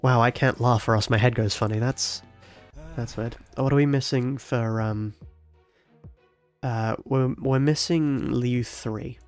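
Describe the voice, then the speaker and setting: A man with a head cold and a stuffy nose, talking quietly and casually through his gameplay as a streamer. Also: steady tone, measured pace, soft background music. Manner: soft, low-volume talk with sighs and small laughs. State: head cold, congested, speaking softly. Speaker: game streamer.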